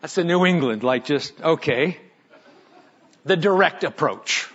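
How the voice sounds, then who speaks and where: Husky and fairly high-pitched with lively intonation, a male pastor tells stories dramatically in his sermon, ranging from quiet, slow passages to loud, forceful ones. The recording has its highs cut off.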